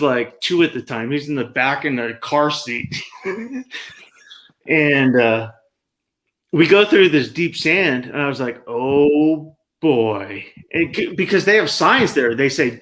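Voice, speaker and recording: A man's voice: medium pitch, a little hiss or hum. A man chatting on a live stream, telling rambling stories with a sarcastic streak. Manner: sarcastic, rambling, animated storyteller. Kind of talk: casual live-stream chat.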